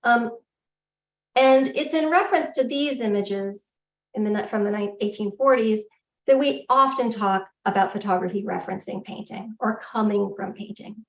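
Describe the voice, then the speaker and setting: A woman's voice: medium pitch, normal speed, vocal fry. Candid woman lecturing in an echoey hall. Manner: candid, self-deprecating, animated. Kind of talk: public lecture. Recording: echoey hall, distant, dull lo-fi.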